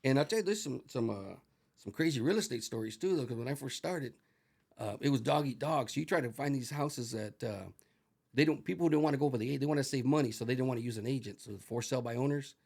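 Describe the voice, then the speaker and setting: Middle-aged male guest, animated storyteller, gravelly and quick. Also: mid-range voice. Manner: profane, animated, acts out dialogue with Spanish phrases. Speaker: interview guest. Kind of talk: casual storytelling.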